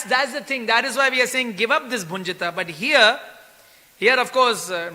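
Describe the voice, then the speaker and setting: A man giving a scripture class in an animated way, laughing and acting out quoted pleas. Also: extremely high pitch. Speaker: temple speaker. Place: temple hall. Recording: long hall reverb.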